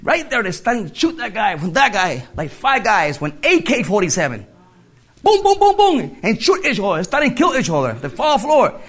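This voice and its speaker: A man giving a personal faith testimony, telling his story in halting English and laughing through it. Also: high-pitched, big pitch swings, fairly bright tone. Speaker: testimony speaker.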